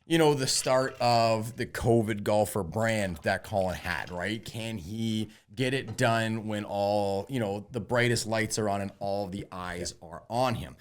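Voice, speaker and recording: A man co-hosting a podcast with his brother, arguing his points in casual, animated chat. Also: fairly low pitch, a little slow, few pauses. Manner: animated, argumentative, casual swearing. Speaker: podcast co-host, golf betting.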